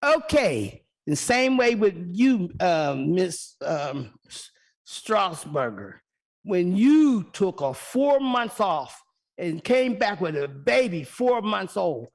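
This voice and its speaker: A woman's voice: lowish voice, very animated, takes it slowly. An older woman giving an impassioned, accusatory public comment at a city council meeting.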